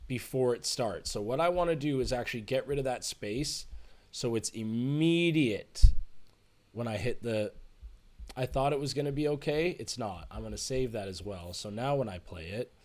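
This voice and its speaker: A man teaching music production in a relaxed, chatty tutorial, thinking aloud as he works. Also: mid-range voice, normal speed. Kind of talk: screen-share tutorial.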